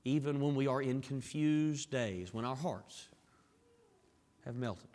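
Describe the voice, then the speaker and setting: A man preaching a sermon in a church, dropping to hushed tones and building to raised, emphatic climaxes. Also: medium pitch, takes it slowly, pauses often. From Southern US. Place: church sanctuary. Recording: long reverb of a large hall.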